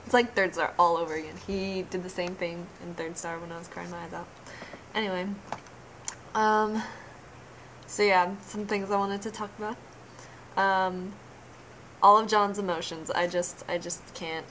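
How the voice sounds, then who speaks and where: A woman's voice: on the low side, fairly even intonation, moderate pace, pauses often, a bit bright, a little hiss or hum, poor audio. A young woman casually talking to camera in a reaction vlog, gushing and emotional, often trailing off mid-sentence. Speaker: vlogger.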